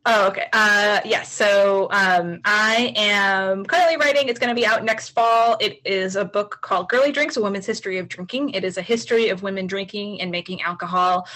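A woman author in casual conversation, talking with bubbly enthusiasm and frequent laughter. Her voice sits at an ordinary middle pitch. She sounds like she is calling in from home. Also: fairly even intonation, normal speed, few pauses, sharp tone. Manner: chatty, laughs often, enthusiastic. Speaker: author and podcast guest. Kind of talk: casual chat. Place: home, Los Angeles.

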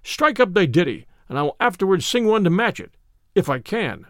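A man voicing a hearty, bold outlaw who talks in a booming, merry way in a storybook reading. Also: sing-song, brisk, no echo, studio quality.

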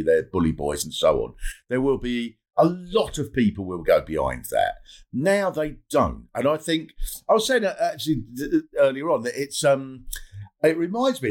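A man hosting a casual chat, swearing freely and speaking in an animated, comic way. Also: low-pitched. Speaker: host.

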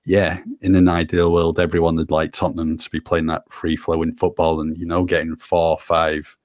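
A man co-hosting a football podcast, talking in a steady, deadpan way. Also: low voice, moderate pace, no echo, studio quality. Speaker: podcast co-host. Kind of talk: casual football chat.

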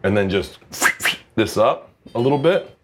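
A man's voice: fairly low pitch, measured pace, a little hiss or hum. A man hosting a casual cooking chat, telling stories animatedly, swearing and acting out what people said. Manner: animated, swearing storyteller who acts out quotes. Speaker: host and home cook.

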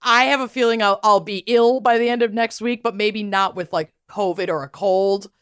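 A woman's voice: medium pitch, moderate pace, clean tone, no room sound, studio quality. A woman co-hosting a casual podcast chat, joking and swearing as she tells family stories. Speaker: podcast co-host.

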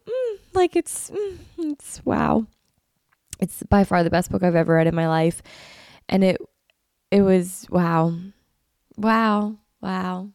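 A woman's voice: mid-range voice, vocal fry, a little mellow, no echo, studio quality. Gushing woman podcast host with a cold. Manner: gushing, effusive. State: has a cold, sniffling. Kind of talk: casual chat.

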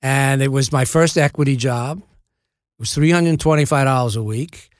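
A man in his seventies, an actor being interviewed, telling lively stories with halting restarts and asides. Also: mid-range voice, no echo, clean studio sound. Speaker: actor guest. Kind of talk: anecdotal interview storytelling.

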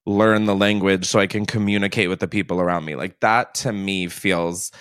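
A man hosting a podcast in casual chat, animated and profane, often laughing at himself. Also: low-pitched, moderate pace, clean tone, dry recording, studio quality. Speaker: podcast host.

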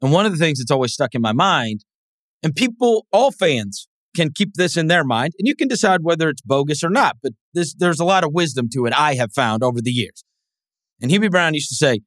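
Animated man with a lively, jumpy voice. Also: fairly quick, no room sound, studio quality. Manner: animated storyteller, jumps into high mimicking voices. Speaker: podcast co-host. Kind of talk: casual sports talk.

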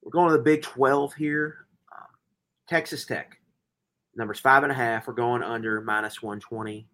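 Animated guy breaking down football picks. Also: mid-range voice, normal speed. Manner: enthusiastic, rambling with fillers and restarts. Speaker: podcast co-host, sports betting analyst. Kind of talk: casual sports betting chat.

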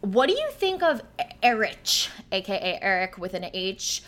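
Chatty woman podcast co-host, bright tone, casual recap banter. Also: mid-range voice, big pitch swings. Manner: chatty, quick asides, laughs often.

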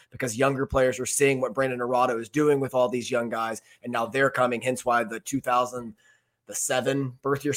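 A young American man, engaged to be married, co-hosting a sports podcast in relaxed, filler-heavy talk. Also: mid-range voice. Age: young adult. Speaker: podcast co-host. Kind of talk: casual sports podcast chat.

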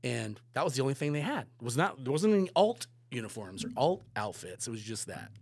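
Sex: man. Pitch: mid. Room: dry, close mic. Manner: rambling storyteller. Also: big pitch swings, fairly quick, a little mellow, husky, no echo. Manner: rambling storyteller, acts out quoted dialogue. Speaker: photographer guest. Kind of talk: casual anecdote telling.

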